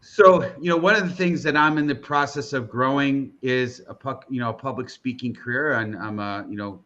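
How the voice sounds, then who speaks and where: Rambling American host, slightly muffled audio. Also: male voice, mid-range voice, fairly bright tone. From American Northeast. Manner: rambling, many restarts and fillers, hypes the audience. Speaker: host of a live interview broadcast. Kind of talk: casual live-stream chat.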